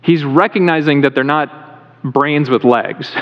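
Male pastor, fairly high voice, conversational sermon that draws in the congregation. Recorded in a church hall with a long tail and a muffled, lo-fi sound. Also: slow pace. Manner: conversational preaching, asks the congregation questions. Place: church sanctuary. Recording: reverberant hall, dull lo-fi sound.

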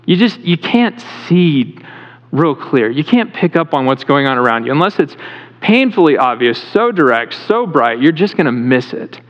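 A man with a fairly high voice preaches a sermon from the front of a church sanctuary. He talks in a conversational way and puts questions to the congregation. The sound carries a long hall reverb and a dull, lo-fi tone. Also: very animated, moderate pace. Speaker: pastor.

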